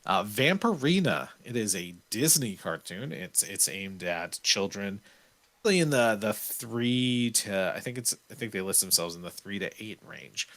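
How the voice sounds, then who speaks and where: A man's voice: fairly low pitch, animated, measured pace, fairly bright tone. A man hosting a podcast, talking casually in an easygoing, self-deprecating, joking way. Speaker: podcast host. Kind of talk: casual chat.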